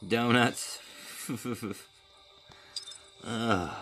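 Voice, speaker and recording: A man's voice: mid-range voice, expressive, slow pace, pushed and bright, faint music behind, rough recording. A man giving casual running commentary while opening crates and playing a game, talking to himself. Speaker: gaming video creator.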